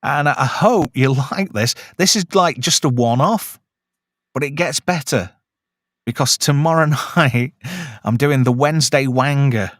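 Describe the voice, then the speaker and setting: Casting: male host, mid-pitched, easygoing chatty patter, dry close mic. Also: measured pace, no echo. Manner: relaxed, chatty sign-off patter. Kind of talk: casual podcast chat.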